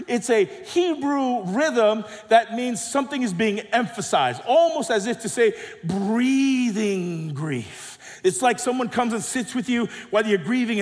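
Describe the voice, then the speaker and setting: A middle-aged male pastor preaching a sermon with emphatic, dynamic delivery that swings between soft drops and loud rises. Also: sits high. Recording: long hall reverb.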